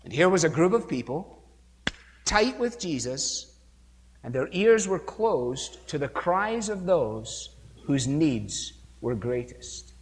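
In a church with long reverb, a man preaches emphatically, posing rhetorical questions and acting out quotes. His fairly high voice swings broadly in pitch at a slow pace, with a little hiss or hum.

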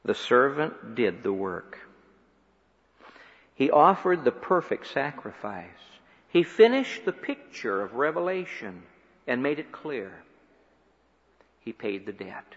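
A man preaching a sermon, rising to loud emphatic peaks and dropping to quiet, low phrases. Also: big pitch swings, slow, long pauses. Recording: dull lo-fi sound with long hall reverb.

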